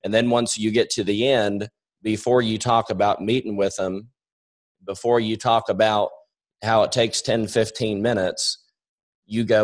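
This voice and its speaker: A man's voice: fairly low pitch, level tone, unhurried. A young man coaching a sales team on a webinar. He talks in a direct way, repeats his points and acts out both sides of phone calls. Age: young adult.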